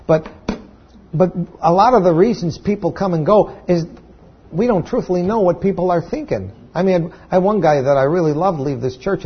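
A pastor delivers a sermon in a husky, raspy voice that sits a bit high for a man. He talks conversationally, stumbling into restarts and then climbing to emphatic peaks. The recording sounds dull and lo-fi.

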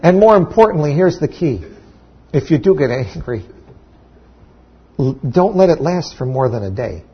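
A man's voice: medium pitch, very animated, a little slow, breathy edge, dull audio. A man preaching a sermon to his church, talking in a conversational way with restarts and sudden emphatic peaks. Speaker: pastor.

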